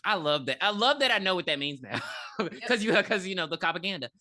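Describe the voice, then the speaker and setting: A woman's voice: on the low side, fairly quick, no echo. A woman co-hosting a podcast, chatting casually as she retells a film's plot, acting out characters' lines with laughter. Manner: animated retelling with voiced quotes and laughs. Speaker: podcast co-host. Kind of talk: casual movie review chat.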